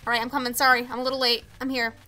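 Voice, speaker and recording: Bright high-voiced young woman streamer. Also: flat delivery, racing. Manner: chatty, reads chat aloud, exasperated asides. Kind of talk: casual live-stream chat while gaming.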